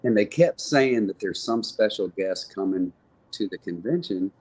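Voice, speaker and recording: A man's voice: fairly low pitch, expressive, moderate pace, a little mellow. A man guest on a podcast, telling stories casually, rambling with lots of restarts and fillers. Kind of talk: casual storytelling in conversation.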